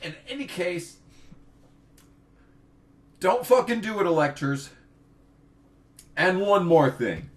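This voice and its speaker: Young man ranting with lively pitch. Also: slow, pauses often. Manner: profane, exasperated ranting. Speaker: vlogger. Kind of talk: ranting political vlog.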